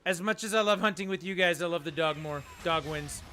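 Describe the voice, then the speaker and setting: A man's voice: fairly high pitch, fairly quick. A middle-aged man chatting casually while streaming a video game with viewers. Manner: chatty, talks to his dog in a soft coaxing voice. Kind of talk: casual live-stream chat.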